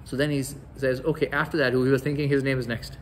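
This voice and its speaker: A man's voice: medium pitch, level tone, fast, slight background noise, rough recording. A man giving a religious lecture, telling stories and acting out the quoted dialogue. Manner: storytelling, acts out quoted dialogue.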